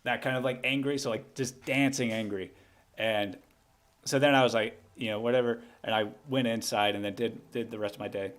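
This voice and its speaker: A man's voice: medium pitch, steady tone, fairly quick. A young man casually telling a long story on a livestream, rambling with frequent restarts and asides. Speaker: livestream host.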